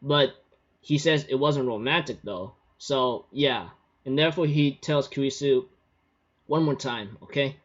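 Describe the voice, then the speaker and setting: A man's voice: medium pitch, unhurried. Rambling man recapping a story. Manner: rambling, full of fillers. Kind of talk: casual recap. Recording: dull lo-fi recording.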